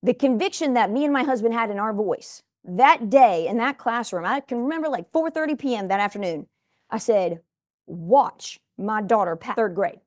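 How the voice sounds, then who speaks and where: A woman's voice: a little high, animated, brisk, dry recording. A woman in her forties gives a motivational talk in a studio, speaking emphatically and addressing viewers directly.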